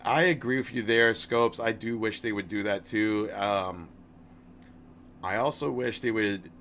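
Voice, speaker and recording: A man's voice: on the low side, a little slow, fairly bright tone, slight background noise. A man in his thirties chatting casually on a live stream about a game, friendly and rambling, often restarting his words. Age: 30s. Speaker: game livestreamer.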